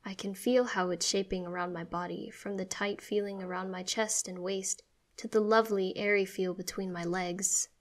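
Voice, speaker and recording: A woman reading a story aloud in first person with a steady, expressive delivery. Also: medium pitch, normal speed. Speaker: story narrator.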